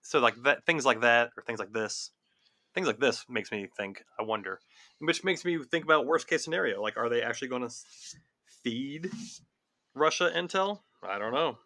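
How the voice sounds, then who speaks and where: A man's voice: mid-range voice, lively intonation, moderate pace, bright, forceful tone, no echo. A man co-hosting a casual political podcast, rambling and laughing between points. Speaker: podcast co-host.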